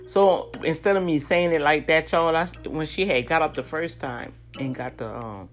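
A woman's voice: low voice, moderate pace, soft background music. A woman telling a story casually. She is chatty, talks straight to her listeners and acts out what other people said. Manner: chatty, addresses listeners as "y'all".

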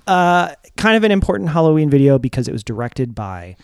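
A man's voice: a little high, fairly quick, clean tone, no room sound, studio quality. A young man co-hosting a music video countdown in casual, joking chat, laughing often. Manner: lively, jokey, laughs often.

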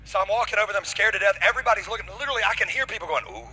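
A man preaching a lively sermon as pastor, acting out stories with dramatic, building energy. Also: high-pitched, very fast, slight background noise, low-quality recording. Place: church.

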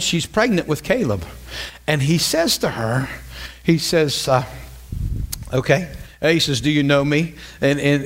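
A middle-aged man preaching as a pastor, telling a story in a conversational, animated way and repeating phrases for emphasis. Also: on the high side. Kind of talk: storytelling sermon.

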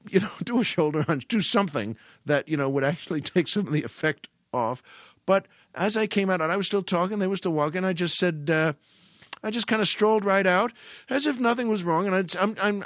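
Animated, self-mocking man telling a story. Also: on the high side, dry recording, studio quality. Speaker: podcast host. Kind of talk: casual storytelling monologue.

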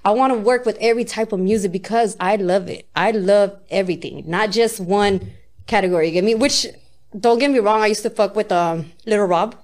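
A woman's voice: medium pitch, a little fast, a little mellow. A woman rapper in a casual interview, talking loosely and candidly, often checking "you get me?", swearing and laughing easily. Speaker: rapper guest.

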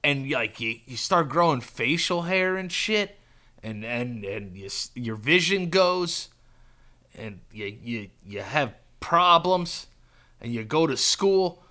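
A man co-hosting a podcast in casual chat, joking with quick reactions and musing out loud. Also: mid-range voice, lively intonation. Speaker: podcast co-host.

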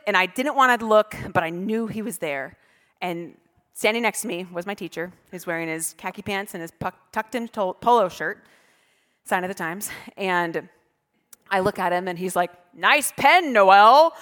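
A woman pastor tells a funny, self-deprecating story from the stage. She talks in a lively way and acts out her past self and the people around her. Her voice carries a long reverb from a large church hall. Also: medium pitch. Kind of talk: storytelling sermon.

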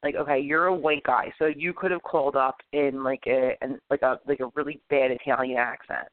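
A man hosting a podcast in casual chat, animated and opinionated, rambling with many restarts. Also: medium pitch, a little fast, no room sound. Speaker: podcast host. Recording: tinny phone-like lo-fi audio, dry.

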